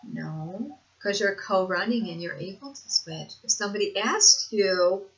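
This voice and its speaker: An older woman vlogger shares lived experience in a casual home video monologue, speaking earnestly, repeating herself for emphasis, and laughing often. Her medium-pitched voice has lively intonation and a slightly slow pace, on a dull lo-fi home recording.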